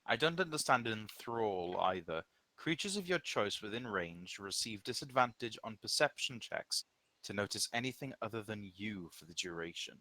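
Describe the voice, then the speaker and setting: Bright-voiced man reading spell rules. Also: fairly low pitch, normal speed. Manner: thinks aloud, reads spell rules, animated retellings. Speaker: player. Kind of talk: casual tabletop game chat.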